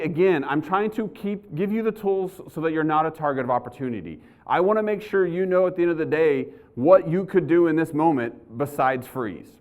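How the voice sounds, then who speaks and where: A middle-aged police trainer, giving a live training talk to an audience and telling stories as he goes. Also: fairly high pitch. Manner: conversational storyteller, acts out his own panic. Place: university lecture hall.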